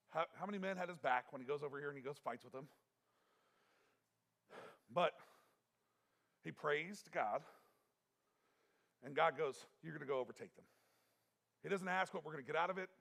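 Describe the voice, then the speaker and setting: A man with a gravelly, fairly high voice preaches a sermon. He talks earnestly and emphatically, repeating himself and restarting his sentences as he drives a point home. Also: a bit bright. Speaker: pastor.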